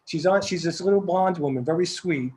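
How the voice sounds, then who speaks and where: Man, Staten Island accent, older, husky voice, slightly high pitch, rambling anecdotes with restarts. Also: brisk, poor audio. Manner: rambling, repeats words and restarts, animated anecdotes. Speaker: film director and guest. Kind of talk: casual storytelling interview.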